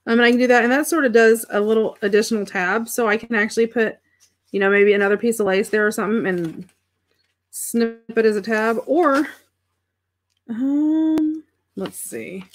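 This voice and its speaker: A woman's voice: on the high side, moderate pace. A middle-aged woman hosting a crafting livestream, thinking aloud as she works and chatting with viewers about their comments. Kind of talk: casual craft demonstration chat.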